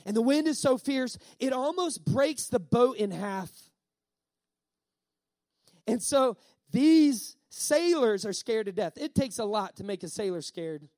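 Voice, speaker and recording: A male pastor preaching a sermon, emphatic, repeating key lines and slowing down on words for effect. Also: very high voice, expressive, darkish tone, no echo.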